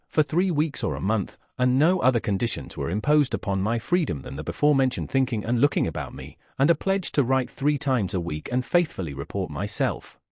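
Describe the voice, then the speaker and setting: A man narrating a classic novel as an audiobook in a measured, expressive way. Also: medium pitch, husky, dry recording, studio quality. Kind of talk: scripted literary narration.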